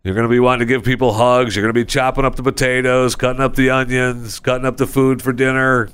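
Man, podcast host, casual comedic rant, sarcastic, rambling, smooth clear voice, studio mic. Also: level tone, fast talker, fairly bright tone. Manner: rambling, sarcastic, acts out people in high voices. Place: recording studio.

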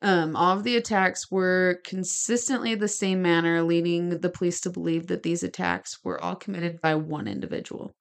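A woman's voice: lowish voice, steady tone, moderate pace, creaky, few pauses. A woman co-hosting a podcast, telling a true-crime story from her notes with chatty asides. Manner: gestures while talking. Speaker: podcast co-host.

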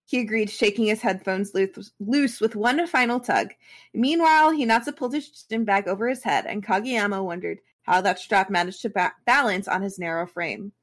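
A woman's voice: mid-range voice, normal speed. A woman reading a fan story aloud as a podcast co-host, stopping now and then for casual asides.

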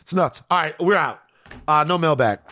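A man's voice: a little high, normal speed, sharp tone. A man co-hosting a podcast in casual, loose talk, swearing freely and restarting his sentences. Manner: loose and profane, with many restarts. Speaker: podcast co-host.

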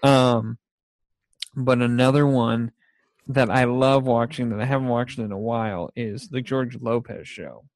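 A man's voice: medium pitch, fairly even intonation, unhurried, no room sound. A young man chatting casually about favorite TV shows, rambling and laughing often as he acts out scenes.

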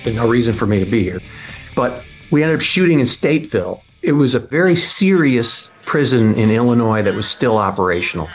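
Wry man telling a set story. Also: medium pitch. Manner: wry, laughs through the telling. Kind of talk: casual anecdote.

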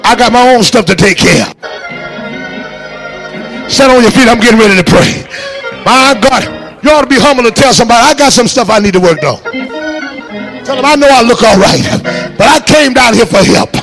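High-pitched shouting preacher man. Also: lively intonation, a little fast, vocal fry, long pauses, faint music behind. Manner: shouting, exhorting the congregation with call-and-response commands. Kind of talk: fiery sermon. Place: church sanctuary.

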